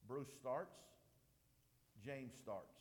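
A man preaching a sermon with emphatic delivery, slowing down to stress points and swinging his voice up and down. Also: mid-range voice, in a large hall. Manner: emphatic preaching, slows for stress, rises and drops sharply. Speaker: pastor.

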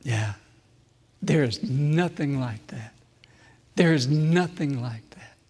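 A man preaching a sermon with personal testimony, swinging from loud emphasis to hushed, slow, repeated phrases. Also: medium pitch, slightly rough, long reverb tail.

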